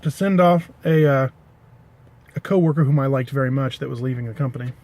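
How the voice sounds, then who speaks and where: A man's voice: mid-range voice, a little fast, a little mellow. A man casually telling an anecdote to the camera, rambling, correcting himself and adding dry asides. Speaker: pipe-smoking vlogger.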